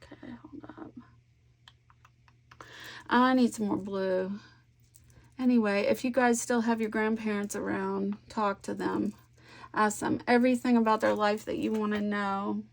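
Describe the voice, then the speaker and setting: While working on her crafts, this woman tells rambling, conversational stories to her viewers in a warm, chatty manner, sometimes murmuring soft asides to herself. Her mid-range voice has a creaky, gravelly texture.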